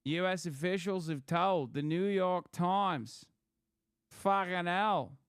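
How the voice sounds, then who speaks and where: Brief: young male streamer, slightly high and smooth, swears freely, close dry mic. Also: takes it slowly, no echo. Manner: profane, sarcastic, laughing. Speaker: commentator reacting to clips. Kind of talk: casual reaction commentary.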